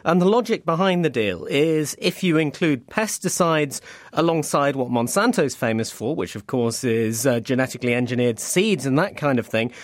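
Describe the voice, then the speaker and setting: A man, a business reporter, explaining a story in a relaxed interview with some fillers. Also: mid-range voice, moderate pace, no echo. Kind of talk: news interview.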